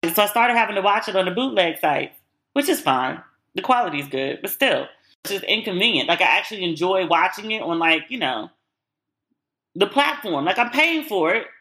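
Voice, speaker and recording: Bright-voiced woman chatting frankly. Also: lowish voice, sing-song, moderate pace. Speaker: podcast host. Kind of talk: casual solo chat.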